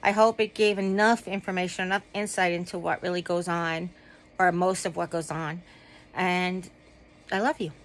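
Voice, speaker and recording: A woman's voice: on the low side, level tone, normal speed, poor audio. A woman vlogging casually from home while lying down, rambling with many ums and asides. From United States. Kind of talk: casual chat to camera.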